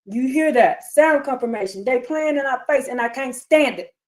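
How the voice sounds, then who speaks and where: A woman with a high voice leads a religious commentary livestream. She preaches with heated indignation, hammering her points home by asking the same rhetorical question again and again. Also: animated, moderate pace. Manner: emphatic, repeats rhetorical questions. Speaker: livestream host.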